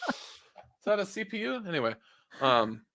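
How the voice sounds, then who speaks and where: Rambling young man, bright dry voice. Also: sits high, sing-song, a little slow, no echo. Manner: rambling, self-interrupting, swears often. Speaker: podcast co-host. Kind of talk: casual chat.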